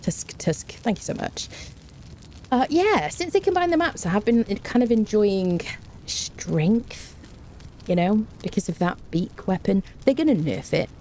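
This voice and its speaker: A woman's voice: medium pitch, very animated, measured pace, dark tone, slight background noise. A woman streaming a game, chatting casually and greeting viewers one by one. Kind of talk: casual livestream chat.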